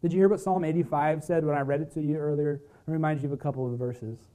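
A male pastor preaching a sermon, swinging from loud emphasis to hushed, quiet lines. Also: a little high, fairly even intonation, fast, hardly any pauses.

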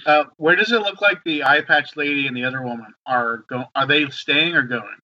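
A man's voice: a little high, a little fast, sharp tone, dull audio. A man playing a tabletop game, talking casually. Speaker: player.

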